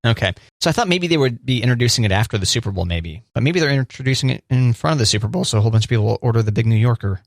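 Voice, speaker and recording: A man's voice: medium pitch, expressive, very fast, vocal fry, hardly any pauses, no echo, studio quality. A man co-hosting a radio show, chatting casually and teasing his co-host with playful quiz-style questions. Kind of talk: casual banter.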